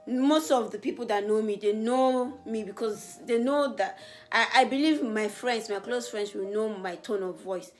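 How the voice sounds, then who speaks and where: A young woman from Africa answers viewer questions in a relaxed, chatty way. She is earnest, and when something excites her, her voice climbs higher and louder. Faint music plays quietly behind her. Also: moderate pace. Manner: animated, voice rises when excited. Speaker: beauty vlogger. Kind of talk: casual get-to-know-me Q&A.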